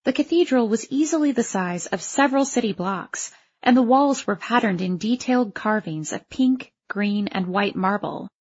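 Woman audiobook narrator, wry first-person teen voice, breathy, muffled lo-fi sound. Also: medium pitch, lively intonation, normal speed, hardly any pauses, darkish tone.

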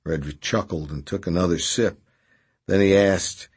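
A man narrating a novel as an audiobook, steady and unhurried. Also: deep voice, breathy edge.

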